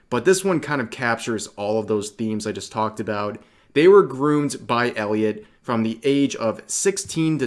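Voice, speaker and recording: Indignant male commentary host. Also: medium pitch. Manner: indignant, reading chat logs aloud with disgust. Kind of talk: online commentary video.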